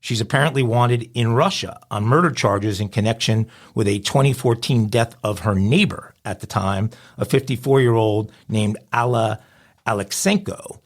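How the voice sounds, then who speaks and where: A man's voice: lowish voice, normal speed. A man hosting a crime news podcast, reading headlines in a conversational, wry way. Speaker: host.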